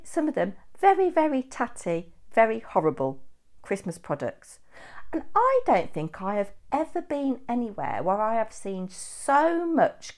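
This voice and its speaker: A middle-aged woman from England, chatting and telling stories in a vlog update, animated and ranting at times. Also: mid-range voice, gravelly. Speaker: craft vlogger.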